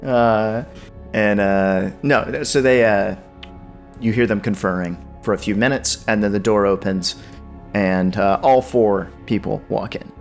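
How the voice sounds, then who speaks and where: A male game master narrating a tabletop horror game in an unhurried way, stopping often for ums and uhs. His voice is somewhat low, with faint music running underneath. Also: vocal fry.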